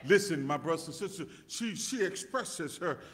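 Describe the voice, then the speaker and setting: A male pastor preaching a sermon, restarting words in stammering repeats and rising to shouts as he calls out to his congregation. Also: fairly high pitch, animated, moderate pace. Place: church sanctuary. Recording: long reverb of a church hall.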